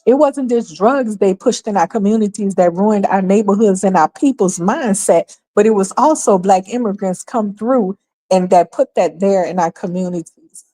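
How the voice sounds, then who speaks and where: A New York woman hosting a livestream speaks at a moderate pace in a medium-pitched, dark-toned voice. Her commentary is emphatic, sarcastic and opinionated, packed with rhetorical questions.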